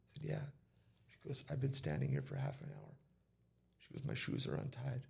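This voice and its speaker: Gravelly dark-voiced man telling a story. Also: mid-range voice, huge pitch swings, a little fast. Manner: retells conversations in casual quoted speech. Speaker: interview guest. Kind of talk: storytelling in a podcast interview.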